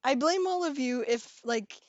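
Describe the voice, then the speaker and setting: A woman's voice: sits high, lively intonation, moderate pace, no echo, highs cut off. A young woman hosting a casual live stream, chatting with her viewers, reading their messages aloud and giggling often.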